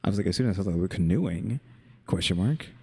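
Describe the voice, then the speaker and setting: This is a man co-hosting a casual commentary chat. His voice is low and gravelly with a husky grain. He muses aloud and poses wry rhetorical questions. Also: animated, fast talker, warm tone. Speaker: co-host.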